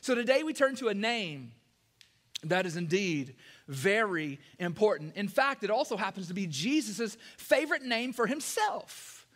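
A man preaching a sermon to his church in a folksy, energetic way. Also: sits high, normal speed. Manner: folksy, energetic preaching, acts out quoted lines. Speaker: pastor. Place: church sanctuary.

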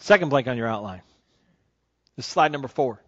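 A man preaching a sermon as pastor, moving between calm teaching and rising, excited storytelling. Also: mid-range voice, fairly quick. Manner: builds from calm teaching to loud excited crowd-cheering passages. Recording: dull lo-fi sermon recording.

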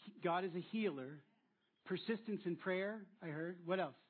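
Upbeat pastor on a tinny line. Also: male voice, high-pitched, moderate pace, husky. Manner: upbeat, encouraging, repeats audience answers. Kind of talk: sermon with congregation interaction. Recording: tinny phone-like sound.

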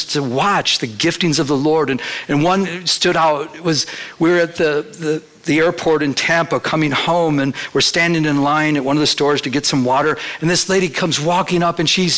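A man's voice: fairly high pitch, a bit bright. A male pastor preaching a sermon in church, in a conversational storytelling manner that slips into acted quotes.

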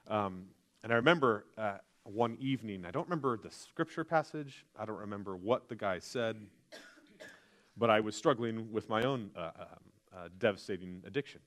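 A man's voice: on the low side, lively intonation, moderate pace, a bit bright. A man, a pastor, preaching a sermon in an earnest, confessional storytelling manner.

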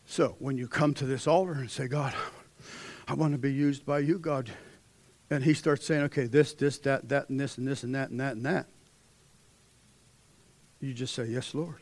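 A young man preaching a sermon, dropping to hushed intensity, then rising into loud exhortation as he reads scripture. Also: fairly high pitch, fairly even intonation, moderate pace, no echo.

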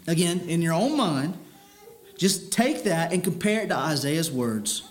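Male preacher, higher register, stern and earnest sermon delivery with restarts. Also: lively intonation, moderate pace. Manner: earnest, stern, repeats words while building a point.

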